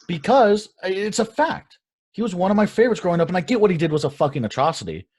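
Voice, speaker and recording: Young man, husky voice, lively swinging pitch, fired-up profane rant, casual co-host. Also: fast talker. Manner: heated, profane ranting. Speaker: podcast co-host. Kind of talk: casual ranting chat.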